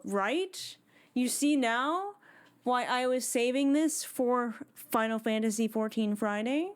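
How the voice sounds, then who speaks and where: A woman's voice: fairly high pitch, smooth. A woman live streaming from home on a desk microphone, chatting casually with her viewers and greeting them one by one.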